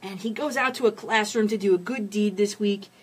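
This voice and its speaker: A woman hosts a sports talk show, running through scores and then getting heated over the news of the week. Her voice is husky and a little breathy at a middle pitch. She talks plainly and with strong opinions, restarting lines as she goes. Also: brisk.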